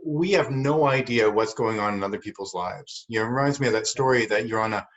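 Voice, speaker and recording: A man's voice: fairly low pitch, fast talker. A man co-hosting a podcast who tells a story in an earnest, reflective way and often repeats words. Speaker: podcast co-host. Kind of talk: casual chat and storytelling. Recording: dull lo-fi sound.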